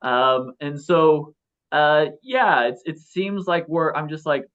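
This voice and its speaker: A man's voice: a little high, slow pace, fairly bright tone. A man in his thirties, a philosopher guest in a casual interview, talking in a rambling way with many restarts and fillers. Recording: slightly dull lo-fi audio.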